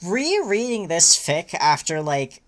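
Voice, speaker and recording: Talking slowly in a lowish voice, a woman narrates a fanfic with energy as a livestream co-host. When the reading stops, she chats casually and rambles, using plenty of fillers.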